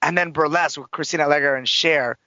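A show host chatting casually about celebrity gossip in an animated way, full of fillers like "like". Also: medium pitch, rapid-fire, no echo. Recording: dull lo-fi recording.

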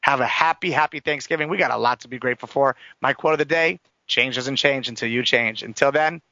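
A man hosting a radio talk show, energetic and chatty as he plugs sponsors and signs off. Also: medium pitch, fairly quick, dry recording, lo-fi sound.

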